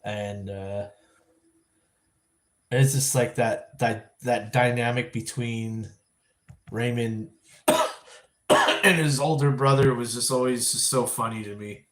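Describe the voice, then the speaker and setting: A man hosting a live vlog stream, chatting casually and thinking out loud with lots of restarts and self-corrections. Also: medium pitch, fairly even intonation, takes it slowly, long pauses. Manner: rambling, thinking aloud with frequent restarts. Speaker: livestream vlog host.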